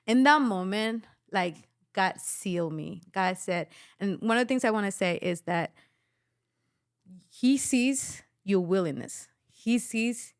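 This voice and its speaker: Woman telling an animated personal testimony. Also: medium pitch, takes it slowly, dry recording, studio quality. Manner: animated storytelling, acts out quoted voices. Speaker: podcast guest.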